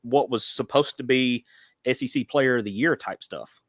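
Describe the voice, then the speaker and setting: A man co-hosting a casual sports podcast, measured and hedging his points. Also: mid-range voice, no echo, studio quality. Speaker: podcast co-host.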